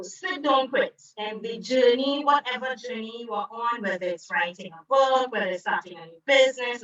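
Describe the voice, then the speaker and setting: A woman from Trinidad tells her story as an interview guest and puts on voices for the people she quotes. Her voice sits fairly high with a bright, forceful edge. She is heard from a distance in a roomy, echoing space. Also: dull audio. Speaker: environmental advocate and author, guest. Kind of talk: conversational interview. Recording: roomy echo, away from the mic.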